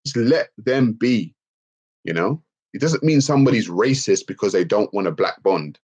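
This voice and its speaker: A man's voice: on the low side, animated, moderate pace, a little mellow, husky. A man hosting a livestream Q&A, ranting emphatically and swearing freely as he answers the chat. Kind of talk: livestream Q&A rant.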